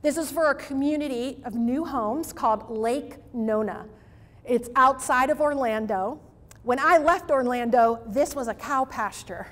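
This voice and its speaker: A woman speaker giving a lively marketing keynote to a live audience, emphatic and pleading at times. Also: high voice, a little slow. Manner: animated, emphatic, pleading asides. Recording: reverberant hall.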